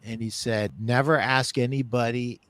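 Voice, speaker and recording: A man hosting a podcast interview, telling stories in a casual, animated way and laughing easily. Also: mid-range voice, moderate pace, dry recording. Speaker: podcast host.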